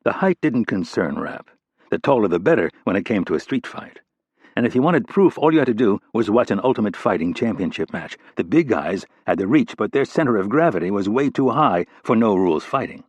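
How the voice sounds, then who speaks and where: A male audiobook narrator with a low, husky voice, reading in a steady, even way. The sound is close and dry, with no room around it. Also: brisk, dry recording. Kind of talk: scripted narration.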